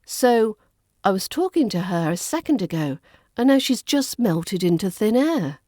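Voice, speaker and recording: A woman with a British RP accent hosting a podcast pronunciation lesson, modelling sounds slowly and deliberately. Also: mid-range voice, big pitch swings, dark tone, dry recording, studio quality. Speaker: accent coach and podcast host.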